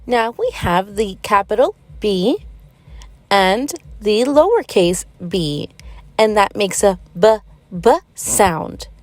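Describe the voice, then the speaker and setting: A woman's voice: mid-range voice, big pitch swings, no echo, pitched below the performer's own voice. Madame Gazelle, a woman as a patient gazelle teacher. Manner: slow, sing-song and encouraging, praising often. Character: gentle, patient gazelle schoolteacher, adult female. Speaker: preschool teacher.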